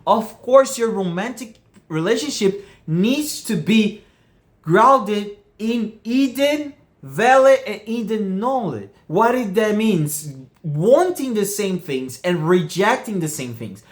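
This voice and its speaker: A man's voice: high voice, lively intonation, slow pace. A man giving earnest relationship advice, often checking whether the listener follows him. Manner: earnest, keeps asking "you get what I mean?". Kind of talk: casual monologue to camera.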